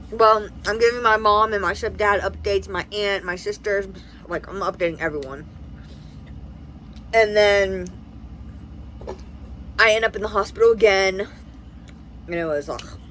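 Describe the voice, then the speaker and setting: A young American woman vlogging in a casual storytime, rambling and animated as she acts out what everyone said. Her voice is bright and forceful, with a faint hum of noise behind her. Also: medium pitch, poor audio. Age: 20s. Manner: rambling, animated retelling with quoted dialogue. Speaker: family vlogger.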